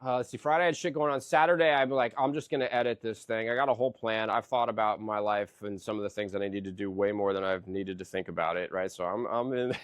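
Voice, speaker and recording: A middle-aged man hosting a podcast, telling a profane, animated story in casual chat. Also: on the low side, quick pace, hardly any pauses, smooth, no room sound, studio quality. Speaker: podcast host.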